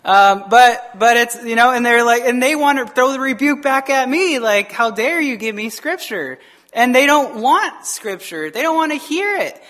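Animated male pastor preaching. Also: very high-pitched. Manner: animated, digressive, acts out quoted voices; frequent fillers and quick asides. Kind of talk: sermon.

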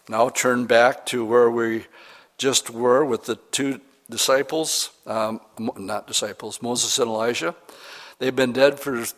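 Pastor teaching a verse-by-verse sermon. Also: male voice, mid-range voice, fairly bright tone. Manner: reads scripture slowly, then talks plainly and asks the congregation questions.

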